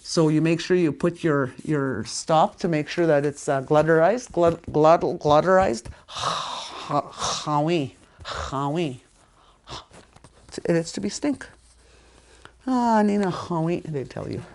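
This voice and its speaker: A woman teaching a language lesson in a casual way, repeating words slowly and stressing them strongly. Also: sits low, a little mellow. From Canada.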